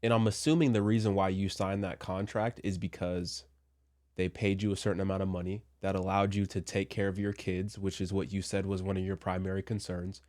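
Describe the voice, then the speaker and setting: A man with a fairly low voice talks through his commentary casually, tossing in joking asides. He sounds slightly under the weather and speaks from a Christian view. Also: little pitch movement, a little fast, darkish tone. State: a little sick. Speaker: commentary vlogger.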